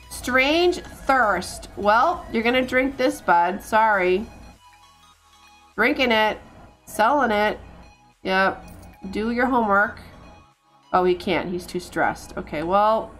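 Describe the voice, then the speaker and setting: A woman's voice: mid-range voice, lively intonation, slow pace, pauses often, fairly bright tone, soft background music. A woman streaming a life-simulation game, chatting and bossing her characters around with lots of laughs and stumbling repeats. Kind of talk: live gameplay commentary.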